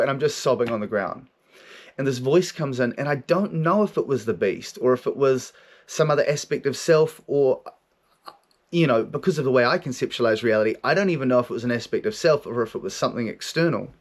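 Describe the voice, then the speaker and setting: A man's voice: mid-range voice, fairly quick. A man hosting a podcast, telling a raw personal story in a monologue, swearing heavily and repeating his words. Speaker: podcast host.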